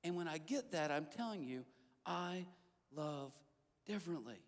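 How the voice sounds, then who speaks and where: A middle-aged male pastor telling a personal story in a sermon, swinging between loud bursts and hushed asides. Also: on the high side, expressive, measured pace, in a large hall. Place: church auditorium.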